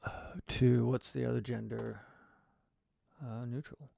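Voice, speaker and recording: This writer's voice is gravelly and mellow, medium in pitch, level in tone and a little slow. Livestreaming as he works, he muses casually about a short story he's planning. He tends to ramble, often trailing off into mutters.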